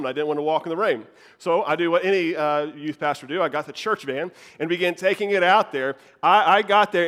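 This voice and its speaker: A man in his thirties, a youth pastor, preaching a sermon and telling a lively story about himself, laughing at his own mishaps. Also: on the high side.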